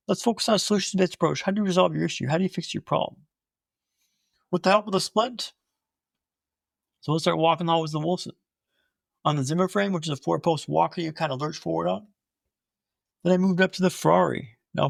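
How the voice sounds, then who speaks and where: A young man telling his own story in an animated way, with punchy short phrases. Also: a little high, vocal fry, no room sound, studio quality.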